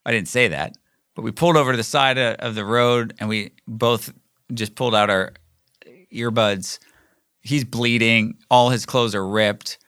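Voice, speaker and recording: A man's voice: medium pitch, steady tone, moderate pace, fairly bright tone, no echo, studio quality. Rambling man telling a casual story. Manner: rambling, many fillers and restarts. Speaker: podcast host. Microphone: recording himself solo.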